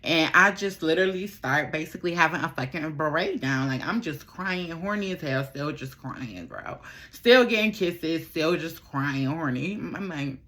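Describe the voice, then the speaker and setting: Chatty, candid young woman, lowish voice. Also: lively intonation, normal speed, a bit bright. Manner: chatty, candid, swears freely and repeats phrases. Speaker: vlogger. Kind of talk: casual storytime while doing makeup.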